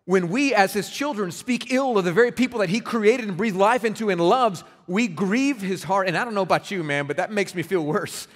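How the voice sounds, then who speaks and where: Guy pastor preaching, kinda high voice, talks casual and earnest, lots of restarts, big echoey hall. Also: brisk, hardly any pauses. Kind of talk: sermon. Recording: reverberant hall.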